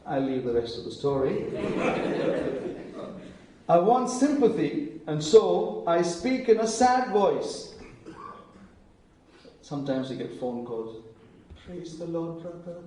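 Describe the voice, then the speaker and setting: A man preaching a sermon in a big, echoey church hall, heard from some way off the microphone. His voice is somewhat high and mellow, and he tells stories, dropping to a hush for quoted lines. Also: big pitch swings, slow pace, pauses often, distant mic, slight background noise. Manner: storytelling, acting out quotes in hushed voices.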